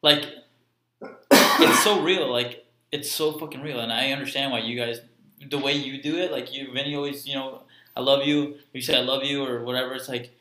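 A man's voice: medium pitch, bright, forceful tone, slight background noise. A young man sharing an emotional personal story in earnest, profane casual chat. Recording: echoey room.

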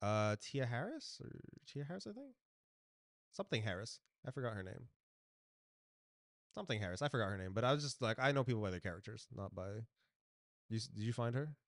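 A man co-hosting a casual podcast chat, blunt and profane, swinging from loud outbursts to mumbled asides. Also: mid-range voice, very animated, fairly quick, pauses often, no echo, studio quality. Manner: blunt, swears freely, jumps between loud bursts and mumbled asides. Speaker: podcast co-host.

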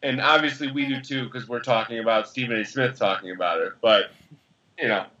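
A man's voice: medium pitch, bright, forceful tone, muffled recording, a little hiss or hum. A man co-hosting a podcast in casual sports chat, fired up and swearing as he argues his point. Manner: fired up, swearing, talks fast in bursts. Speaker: podcast co-host.

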